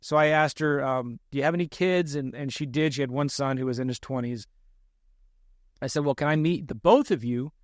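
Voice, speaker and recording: A man's voice: mid-range voice, fairly quick, dry recording, studio quality. A man, a real estate investor, telling a story in a podcast interview, self-deprecating and acting out the lines he quotes.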